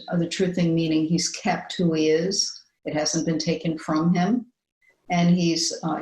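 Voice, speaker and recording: An older woman co-hosting a chat show, talking earnestly with many fillers and restarts, and reading a poem slowly. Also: deep voice, roomy sound, poor audio. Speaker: podcast co-host. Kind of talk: casual chat and slow poetry reading.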